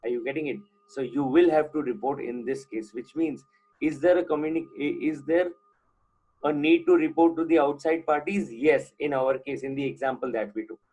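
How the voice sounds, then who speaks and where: A man's voice: mid-range voice, normal speed, a little mellow, breathy edge, rough recording. A man with an Indian accent teaching an accounting class online, switching between English and Hindi and often checking whether students follow. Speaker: accounting lecturer. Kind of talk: live online lecture.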